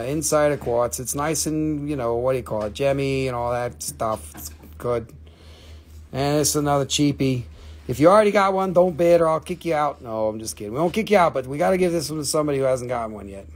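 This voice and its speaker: A man selling rocks on a live auction stream, excitable and swearing, mocking himself as he slashes prices. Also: fairly high pitch. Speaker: live-stream rock seller. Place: shop.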